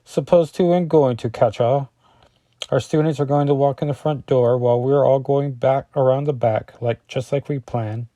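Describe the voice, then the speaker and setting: Give me a man playing a solemn Russian superhero narrating in a slow, deliberate put-on Russian accent, raised in pitch. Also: steady tone, mellow, no room sound, natural voice. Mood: determined.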